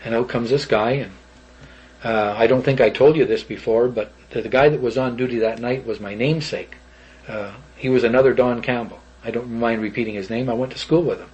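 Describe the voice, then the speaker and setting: An older man with a husky voice at a middling pitch, rambling through a long memory in an animated way. The tape sounds dull and lo-fi, like an old interview recording. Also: fairly quick. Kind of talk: recounting an old story.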